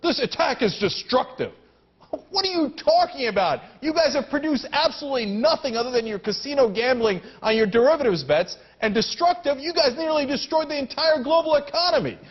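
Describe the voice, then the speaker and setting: Sarcastic, high-voiced male commentary host. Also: lively intonation, brisk, hardly any pauses, dull audio. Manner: sarcastic and indignant, mocking in asides. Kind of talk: heated political commentary.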